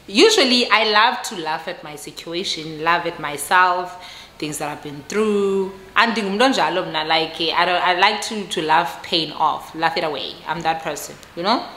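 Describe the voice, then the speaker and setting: South african woman doing a storytime vlog, expressive, bright sharp voice, roomy echo. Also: fairly low pitch, a little slow, a little hiss or hum. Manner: expressive, switches between English and Xhosa, laughs at herself. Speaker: vlogger telling a personal story. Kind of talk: casual storytime.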